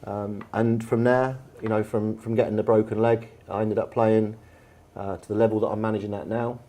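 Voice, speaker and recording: A chatty Englishman, a football manager appearing as a guest speaker, tells football stories in an on-stage conversation before an audience in a bar's event room. He's anecdotal and uses frequent fillers, and his fairly low, mellow voice moves little in pitch at a normal speed.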